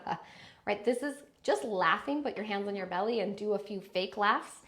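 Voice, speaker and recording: With lively intonation at a moderate pace, a female speaking coach leads a live online lesson on the speaking voice. She exaggerates examples of habits, shifting pitch and volume to demonstrate.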